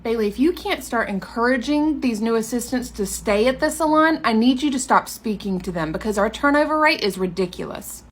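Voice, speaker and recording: A woman's voice: on the high side, lively intonation, fairly quick, few pauses. A woman voicing a bossy, condescending male salon boss who scolds his employee. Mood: scolding. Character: bossy male salon owner's husband, nagging and snide.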